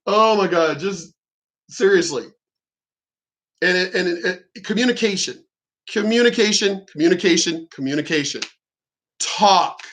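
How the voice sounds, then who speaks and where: A man's voice: high voice, moderate pace, a bit bright, low-quality recording. A man giving blunt, profane commentary and telling a story in casual talk. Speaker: commentator reacting to clips.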